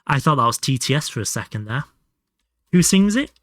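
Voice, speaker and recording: A man's voice: mid-range voice, very animated, brisk, a bit bright, dry recording, clean studio sound. A young man with a Hull Yorkshire accent, casually chatting and swearing while playing a game on a live stream. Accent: Hull Yorkshire English. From Hull, England. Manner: chatty, swearing, laughing asides. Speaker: livestream gamer.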